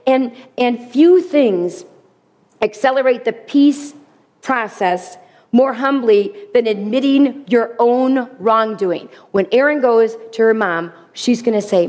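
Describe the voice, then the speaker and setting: A woman's voice: on the high side, takes it slowly, a little mellow. A middle-aged woman giving an earnest faith teaching to a group, acting out quoted speech in changing voices. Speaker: Bible teacher.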